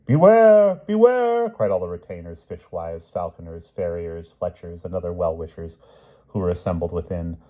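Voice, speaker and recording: A man reading a novel chapter aloud, expressive and growing louder on the action. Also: low voice, moderate pace, phone-quality sound. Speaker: audiobook reader.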